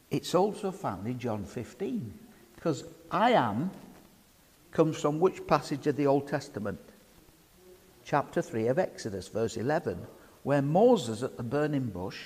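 Lively man preaching in a hall. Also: medium pitch, breathy edge. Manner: lively, asks the congregation questions and banters with them. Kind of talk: sermon. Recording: reverberant hall.

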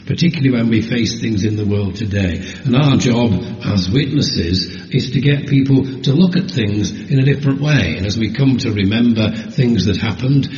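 A man's voice: lowish voice, moderate pace, hardly any pauses, darkish tone. A man preaching a sermon and joking playfully with his congregation. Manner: jokey, teasing, playful with the congregation. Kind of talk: sermon with audience banter. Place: church hall. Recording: roomy hall, lo-fi recording.

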